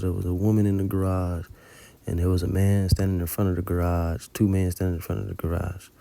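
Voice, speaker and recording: A man's voice: low-pitched, gravelly, mellow, dry recording. A man giving an informal religious testimony, telling a dream in colloquial, profanity-laced storytelling. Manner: colloquial storytelling with heavy cursing. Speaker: religious teacher recounting a dream.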